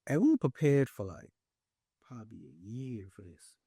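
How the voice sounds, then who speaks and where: A man's voice: medium pitch, moderate pace, breathy edge, no room sound, studio quality. A young man with a New York accent, telling his story as a podcast guest and acting out the voices of others. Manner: animated, acts out quoted voices. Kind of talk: casual storytelling.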